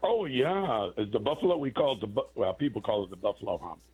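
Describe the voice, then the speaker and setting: A man's voice: medium pitch, sing-song, a little fast, slightly rough, phone-quality sound, soft background music. A man, a plastic surgeon, talking casually on a radio-style show and explaining procedures plainly, often restarting his sentences.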